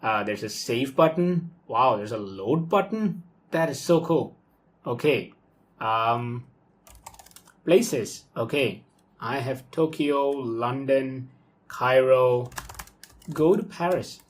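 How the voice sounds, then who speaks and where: A young man casually talking through his coding workflow live at his computer, excitable and thinking aloud with frequent okays and ums. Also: mid-range voice, slow pace. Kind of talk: casual live screen-recorded walkthrough.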